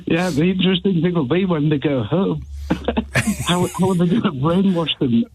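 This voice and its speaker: A man's voice: a little high, normal speed, a little mellow, poor audio. A man from East Yorkshire calling a radio phone-in, chatty and amused. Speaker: caller. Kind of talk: phone-in call.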